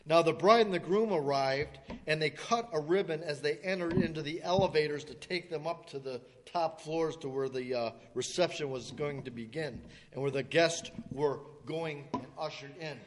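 A man preaching, telling a story in a folksy way, stammering now and then and clearing his throat as he acts out the people in it. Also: a little high, moderate pace, few pauses, a little hiss or hum. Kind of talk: sermon illustration storytelling. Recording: long hall reverb.

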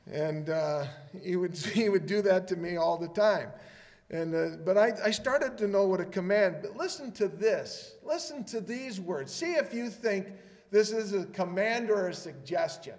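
A man preaching a sermon with animated delivery, swinging between loud emphasis and quiet asides. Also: high-pitched, a little slow. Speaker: pastor. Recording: echoey hall with faint room noise.

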